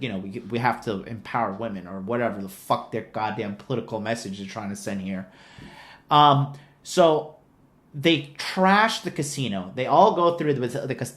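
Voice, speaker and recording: A man giving a sarcastic, profane rant of a movie review, retelling scenes with exasperation. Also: medium pitch. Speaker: online commentator.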